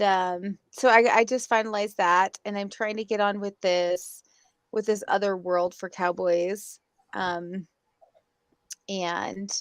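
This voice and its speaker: A woman's voice: mid-range voice, a bit bright, smooth, dry recording. A woman co-hosting a podcast, chatting casually and rambling with restarts. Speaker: podcast co-host. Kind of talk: casual chat.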